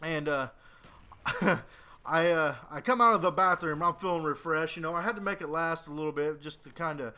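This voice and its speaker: A man's voice: a little high, moderate pace, bright, forceful tone, clear, resonant tone. A man in his late twenties telling a rambling, profane, joking story as casual commentary over a video game. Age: 20s. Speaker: gaming commentator.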